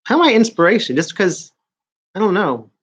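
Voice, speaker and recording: A man's voice: sits high, animated, fairly quick, a bit bright, slightly rough. A man in his forties with a New York accent, chatting casually to viewers on a live stream, rambling and stop-start. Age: 40s. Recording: dull lo-fi stream audio.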